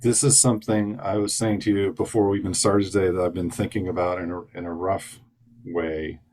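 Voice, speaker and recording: A man with a very low voice speaks as a psychologist guest on a podcast. He answers in a thoughtful, reflective way and shapes his ideas as he talks. His delivery stays measured and calm.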